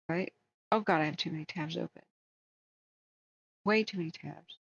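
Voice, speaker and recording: A woman's voice: medium pitch, moderate pace, long pauses, no room sound. An American woman hosting a long wildfire-tracking livestream, chatting casually, rambling and opinionated, reading viewer comments aloud. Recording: dull lo-fi stream audio.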